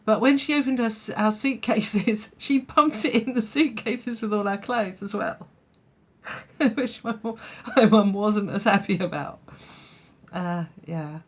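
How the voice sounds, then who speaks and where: A woman's voice: mid-range voice, measured pace. A woman telling a childhood story in a vlog, chatty, full of fillers and laughing often. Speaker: vlogger.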